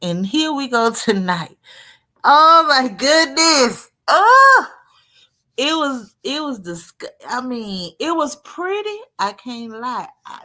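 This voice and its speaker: Rambling animated woman telling a story. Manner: animated, rambling, wide swings in pitch and loudness. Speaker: live streamer. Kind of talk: casual live-stream storytelling.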